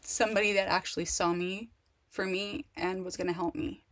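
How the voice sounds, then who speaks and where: A woman talking candidly to camera in a casual personal monologue, rambling and halting, with many restarts and fillers. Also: mid-range voice, fairly even intonation, fairly bright tone. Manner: candid and emotional. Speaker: vlogger.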